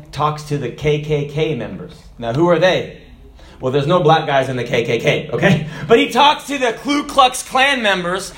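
A man preaching a sermon, telling jokes and stories, with sudden shouted lines. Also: a little high. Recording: echoey room.

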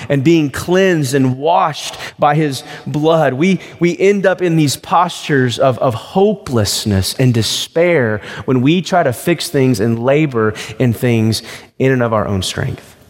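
A man preaches in a loose, conversational way, slipping stories into his sermon. His voice sits in a middle pitch. Long reverb hangs behind him, as in a church sanctuary. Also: expressive, slow pace. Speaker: pastor.

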